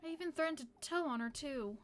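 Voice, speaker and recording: A woman reading game dialogue in a lower, dry voice as a gruff, sharp-tongued young village woman. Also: fast, slight background noise. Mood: brooding. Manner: curt, dry and grumbling.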